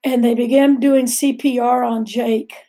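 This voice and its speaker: A woman's voice: on the high side, fairly even intonation, unhurried, mellow. A middle-aged woman earnestly telling a vivid personal story as a guest on a faith talk show.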